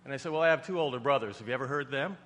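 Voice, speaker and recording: A man from New York preaches to his congregation in a folksy, chatty way that builds to emphatic passages. His voice is bright and forceful. It rings with long reverb through a large hall. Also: medium pitch, racing. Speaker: pastor. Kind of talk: sermon.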